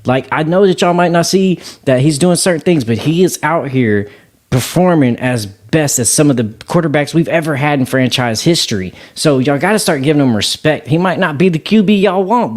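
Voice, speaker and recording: A man's voice: on the high side, animated, a little fast. A man co-hosting a sports podcast, arguing his points in an earnest, ranting way. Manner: earnest, ranting fan talk. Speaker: podcast co-host. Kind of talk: casual sports podcast chat.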